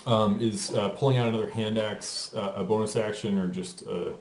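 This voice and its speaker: Low-voiced hesitant player in a roomy space. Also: male voice, steady tone, normal speed, darkish tone. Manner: hesitant, polite rules questions. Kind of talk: tabletop game play. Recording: roomy echo.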